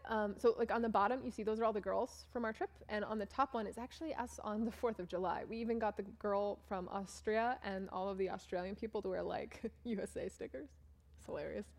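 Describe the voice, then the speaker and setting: A young woman from Maine telling a chatty, self-mocking story about a mission trip to a church audience while showing slides. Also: mid-range voice. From Maine, USA. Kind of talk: casual storytelling talk with slides.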